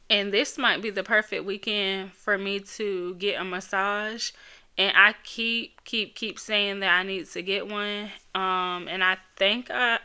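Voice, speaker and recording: Woman host, solo podcast; bright, crisp voice; chatty, rambling, candid, quick to laugh. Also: mid-range voice. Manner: emotional, candid storytelling. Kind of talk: casual solo podcast chat.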